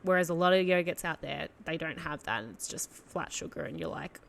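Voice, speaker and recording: A woman's voice: deep voice, expressive, brisk, vocal fry. A young woman with an Australian accent hosting a casual solo podcast, talking in a rambling way full of "like" and self-corrections, and often laughing at herself. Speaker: podcast host.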